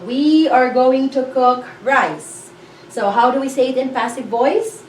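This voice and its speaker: A woman teaching a language lesson, patiently explaining and repeating example sentences slowly, often checking with "okay?". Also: high-pitched, a little mellow. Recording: echoey room, voice a bit far from mic, faint hiss.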